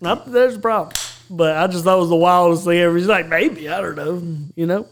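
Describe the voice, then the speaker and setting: A man's voice: sits high, a little fast, a little hiss or hum. A man co-hosting a casual podcast chat, teasing and joking with punchlines. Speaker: podcast co-host.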